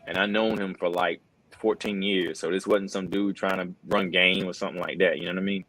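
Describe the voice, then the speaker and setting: A man's voice: low-pitched, steady tone, a little fast, fairly bright tone, poor audio. A middle-aged wrestling commentator, telling an earnest personal story in a casual interview, full of fillers like "bro" and "man.".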